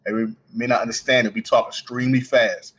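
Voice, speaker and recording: A man with a Baltimore accent talks quickly in a casual podcast interview, now and then stuttering or restarting a phrase. His voice sits at a middling pitch, and the recording sounds a little dull and lo-fi. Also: steady tone, a bit bright, breathy edge. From Baltimore, United States. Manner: fast-talking, with some stutters and restarts. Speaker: guest, coin ring artist.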